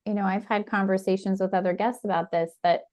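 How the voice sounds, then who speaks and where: A woman's voice: medium pitch, steady tone, fast talker, a little mellow. A woman hosting a podcast, speaking thoughtfully in casual conversation. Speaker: podcast host.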